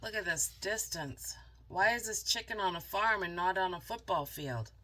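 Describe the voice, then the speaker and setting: A woman reading a picture book aloud as a channel host, dramatic and animated, stopping for chatty asides to viewers. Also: on the low side, normal speed. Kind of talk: storybook read-aloud with asides.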